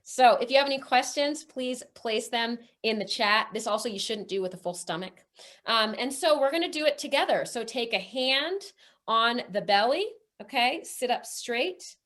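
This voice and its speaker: A woman guides a breathwork session over a video call. Her voice sits a little high, and she coaches in a calm, encouraging way. She counts breaths aloud and keeps checking in with "okay?". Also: moderate pace. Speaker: breathwork instructor.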